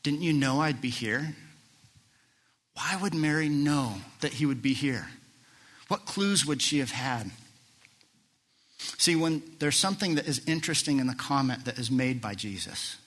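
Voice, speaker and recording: A middle-aged man preaching a sermon as pastor, animated and full of rhetorical questions. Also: mid-range voice, normal speed. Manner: animated, asks rhetorical questions, acts out quoted lines.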